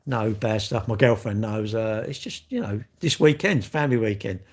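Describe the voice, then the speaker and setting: A man's voice: fairly low pitch, moderate pace. An older man, chatting casually with viewers on a livestream, blunt and joking, swearing freely. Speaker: livestream host.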